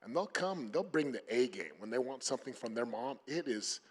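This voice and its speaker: Male panelist, husky voice, earnest and emphatic, lots of restarts. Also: medium pitch, lively intonation, fairly quick. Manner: emphatic, many fillers and restarts. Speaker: panel speaker. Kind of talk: motivational panel talk.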